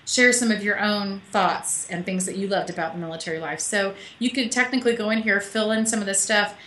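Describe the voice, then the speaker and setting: A chatty woman speaking from her home office over a call, her voice bright and forward. The room around her is echoey, with a faint hum of background sound. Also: mid-range voice, brisk. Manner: chatty, laughing, emotional. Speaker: author guest. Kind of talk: casual interview on a call. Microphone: call audio.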